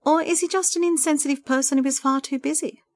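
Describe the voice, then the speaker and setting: A woman reading a story aloud, voicing a kind woman friend who speaks gently and encouragingly. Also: high voice, steady tone, fast, voice pushed up. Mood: gentle.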